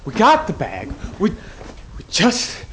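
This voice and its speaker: A man plays a nervous young man in a low-budget film, hesitant and halting as he tries to smooth things over. His voice sits slightly high and is picked up from a distance in a reverberant room. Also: huge pitch swings, a bit bright, full character voice. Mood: pleading. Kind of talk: indie film acting.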